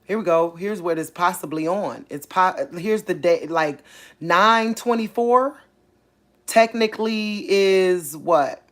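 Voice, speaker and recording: A woman, hosting a casual faith channel, talking excitedly and thinking aloud, repeating herself as she works things out. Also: on the low side, slow pace. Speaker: online faith channel host. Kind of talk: casual livestream talk.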